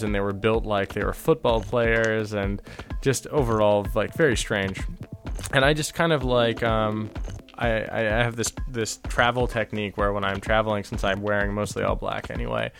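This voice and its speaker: A man telling a travel story as an interview guest, rambling with many fillers and restarts. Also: on the low side. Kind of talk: casual anecdote telling.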